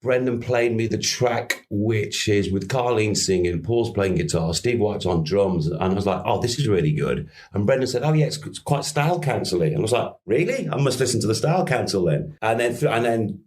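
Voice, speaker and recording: A man's voice: on the low side, expressive, moderate pace, hardly any pauses, darkish tone. A middle-aged man from Merseyside with a Scouse accent, a musician guest in a podcast interview, rambling through anecdotes with laughs and casual swearing. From Merseyside, England.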